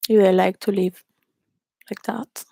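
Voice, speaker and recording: A woman's voice: mid-range voice, flat delivery, a little slow, gravelly, dark tone, dry recording, clean studio sound. A woman from Venezuela telling candid personal stories in a rambling way, laughing often and restarting her sentences.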